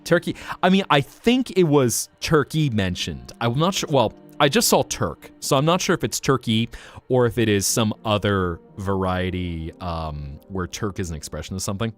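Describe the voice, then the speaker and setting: Male streamer, casual playful chat, lively intonation, swears and laughs, faint music behind. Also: lowish voice, normal speed. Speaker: VTuber streamer.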